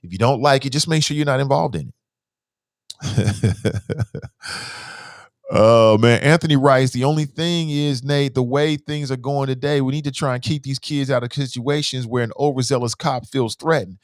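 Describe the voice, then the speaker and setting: At a moderate pace, a mid-range-voiced man hosts a call-in show recorded cleanly in the studio without echo. He's a father offering casual opinions in a loose, blunt style with slang and swearing, and he reads listener messages on air.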